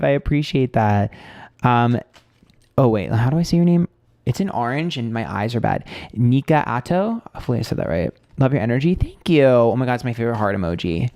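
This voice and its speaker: This man in his thirties, from Queens, New York, has a New York accent and a medium, slightly mellow voice. Working as a psychic tarot reader on a live stream, he chats casually, reads viewer comments aloud, and speaks loosely and candidly, swearing freely and peppering his talk with "like" and "um."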